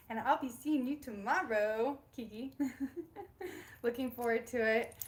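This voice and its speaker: A bubbly young woman chats casually on a livestream from her home. She laughs often and greets viewers warmly by name. Her voice sits a little high. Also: slow. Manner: bubbly, giggly, reads out viewer names. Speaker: spiritual livestream host. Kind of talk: casual live-stream chat.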